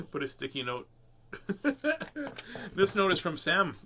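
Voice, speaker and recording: A man's voice: fairly high pitch, fairly quick, bright, forceful tone, slight background noise. A man hosting a casual live read-aloud of children's books, playful and goofy, often laughing at himself. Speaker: host reading children's books.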